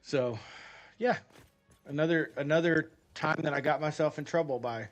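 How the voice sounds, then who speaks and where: A man's voice: fairly high pitch, moderate pace, soft background music. An American man streaming a game, telling a rambling story in casual chat and swearing freely. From United States. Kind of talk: casual gameplay commentary with storytelling.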